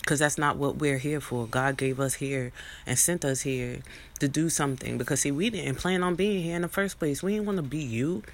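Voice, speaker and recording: A woman's voice: low-pitched, moderate pace. A young woman in a rambling, profane monologue, preaching at her viewers with many restarts and asides. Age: young adult.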